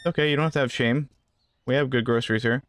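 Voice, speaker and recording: A man's voice: medium pitch, fairly even intonation, fast, a bit bright, a little hiss or hum. A man giving casual gameplay commentary, rambling through asides and joking with the customers in the game. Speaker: gaming channel host.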